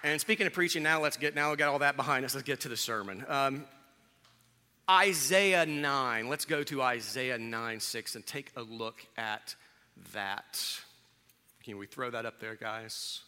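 A man's voice: mid-range voice, fairly even intonation, normal speed, bright, forceful tone, long reverb tail, some chatter behind. A man in his fifties, a pastor, giving a candid, conversational sermon in a church. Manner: candid, conversational, self-deprecating. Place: church sanctuary.

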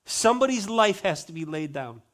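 A male pastor preaching a sermon dramatically, slowing down for emphatic stresses and dropping to soft asides. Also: high voice, big pitch swings.

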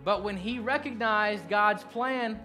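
This sermon comes from an earnest middle-aged pastor whose fairly high voice carries a drawl. He moves back and forth between hushed, lingering lines and fast, animated outbursts, over faint soft music.

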